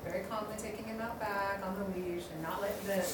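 A woman asks eager questions about dog behavior in casual chat. She sits away from the mic in a very echoey room. Clear background noise sits under her voice. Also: mid-range voice, steady tone, distant mic. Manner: questioning, eager, quick follow-ups. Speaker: dog trainer and co-host.

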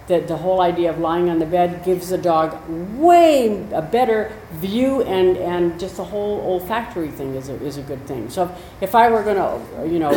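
Chatty woman dog expert, lower voice. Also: dark tone. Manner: chatty, with storytelling asides. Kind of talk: conversational explaining. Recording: roomy echo, faint noise.

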